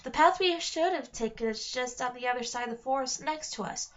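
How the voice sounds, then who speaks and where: An earnest, bookish girl with a fairly high voice, as a woman reads her lines. The recording is dull and lo-fi. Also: brisk, lightly acted.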